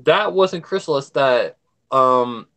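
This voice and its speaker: Lively young man gushing about a cartoon. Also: mid-range voice, takes it slowly. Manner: enthusiastic fan, lively rambling commentary. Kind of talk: casual livestream chat.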